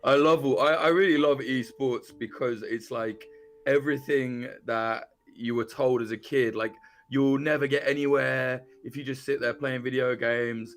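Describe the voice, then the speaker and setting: A man's voice: mid-range voice, steady tone, moderate pace. A man guesting on a stream as a war journalist, laid-back and casual, swearing and saying "man" a lot. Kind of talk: casual chat.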